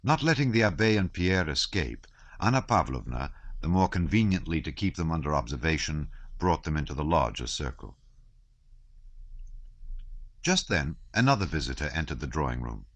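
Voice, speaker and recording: A man reading a classic novel aloud as an audiobook narrator, measured and expressive. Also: a bass voice, dry recording.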